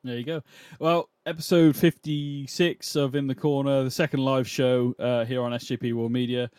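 Brief: male podcast host, relaxed and questioning, mid-range voice, dry close mic. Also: mid-range voice, normal speed, clean tone, dry recording. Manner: musing, questioning, laughs often. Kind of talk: casual chat.

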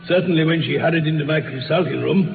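Dr. Watson, brisk and proper. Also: male voice, a little high, vocal fry, soft background music. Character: earnest middle-aged doctor, loyal and brisk. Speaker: doctor and narrator. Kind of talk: old radio drama acting. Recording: tinny old radio broadcast with hiss.

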